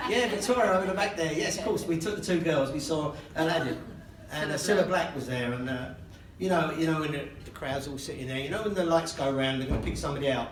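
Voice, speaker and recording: A man's voice: a little high, quick pace, few pauses, a crowd in the background. Joking older man giving a wedding speech. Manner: joking and self-mocking, laughing between lines. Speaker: father of the bride. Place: wedding reception hall, indoors. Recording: echoey hall, distant and noisy.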